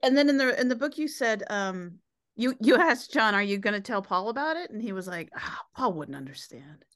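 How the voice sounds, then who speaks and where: A woman hosts a casual interview and keeps asking engaged follow-up questions. Her voice is fairly high and moves up and down a lot. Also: lively intonation, fairly quick, a bit bright. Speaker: podcast host.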